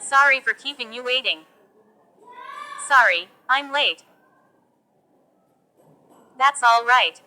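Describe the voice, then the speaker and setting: A woman teaching English, reading example phrases for learners one by one in a slow, deliberate delivery. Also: fairly high pitch, animated, pushed and bright.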